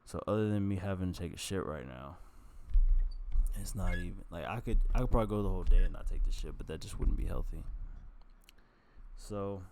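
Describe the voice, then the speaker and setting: A man's voice: sits low, brisk, a little mellow, a little hiss or hum. A man talking casually to his vlog audience in a candid, rambling and profane way, full of self-mockery. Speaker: vlogger.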